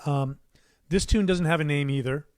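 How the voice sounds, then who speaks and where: A man's voice: on the high side, normal speed, no room sound. A middle-aged man hosting a casual livestream from his recording studio, rambling between answers with plenty of fillers and restarts. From United States. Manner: rambling, warm asides, many fillers and restarts.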